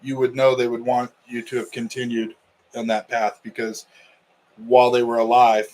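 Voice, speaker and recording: A man's voice: medium pitch, monotone, normal speed, darkish tone, poor audio. A middle-aged man, a wrestling coach co-hosting a podcast, telling a story in casual chat and acting out the quotes.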